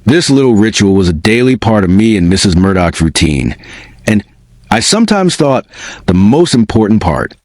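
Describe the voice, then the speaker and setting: A man with a fairly low voice reads a first-person spooky tale aloud. His delivery is expressive and lively in pitch, and the recording is close and dry. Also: moderate pace, dry recording. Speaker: narrator. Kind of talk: first-person storybook narration.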